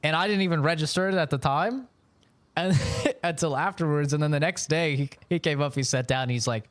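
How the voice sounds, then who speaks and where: A man's voice: on the high side, brisk, dry recording. A man streaming live from home, telling rambling stories in casual chat and swearing often. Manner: loose, rambling storytelling with frequent swearing.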